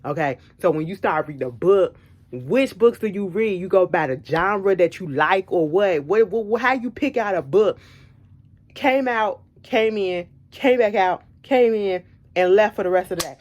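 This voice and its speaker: A woman vlogger telling a story in casual chat, animated and emphatic, repeating her points bluntly. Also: medium pitch, normal speed, highs cut off.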